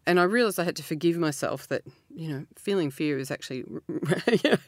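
A middle-aged woman, talking earnestly as an interview guest, laughing often and jumping up in pitch. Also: expressive, quick pace, no room sound, clean studio sound. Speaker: author guest. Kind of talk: reflective interview talk.

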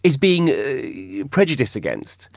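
A man with a mid-pitched voice leads a studio radio discussion, wry and conversational as he works from his notes. The sound is close and dry, with no echo. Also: big pitch swings, unhurried, gravelly. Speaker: radio host. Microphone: studio microphone.

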